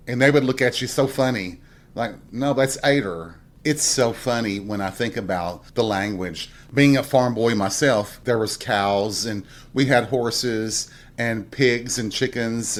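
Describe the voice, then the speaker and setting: A middle-aged man from Tennessee with a Southern accent, hosting a casual solo podcast and telling folksy stories with chuckling asides. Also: mid-range voice. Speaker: podcast host.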